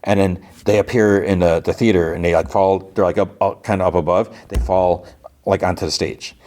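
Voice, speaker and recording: A man's voice: deep voice, fairly even intonation, moderate pace, darkish tone. A podcast host, a man, casually recapping a TV episode in a rambling way, full of "like" and restarts.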